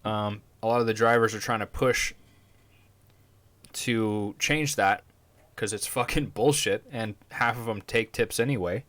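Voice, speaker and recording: A man's voice: lowish voice, a little slow, a bit bright. Dude rambling on his podcast, swears a lot, loose and laid back. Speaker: podcast host. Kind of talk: casual chat.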